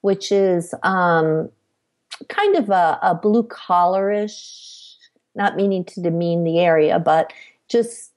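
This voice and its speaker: A middle-aged woman, a podcast guest, recounting her life in a measured storytelling way. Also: on the low side, darkish tone. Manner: measured, acts out quoted dialogue. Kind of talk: personal storytelling.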